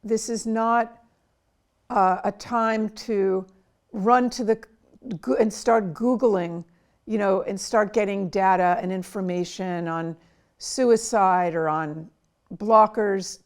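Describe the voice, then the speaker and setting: A woman's voice: mid-range voice, steady tone. A middle-aged woman, a child psychiatrist, giving earnest advice to parents in an interview and sometimes acting out what parents and children say. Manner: slow, earnest, acts out quoted dialogue.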